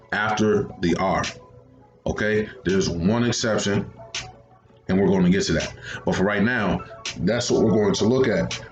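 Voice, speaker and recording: A man's voice: lowish voice, darkish tone, echoey room, lo-fi sound. A man teaching a second grade phonics lesson, patiently repeating each step.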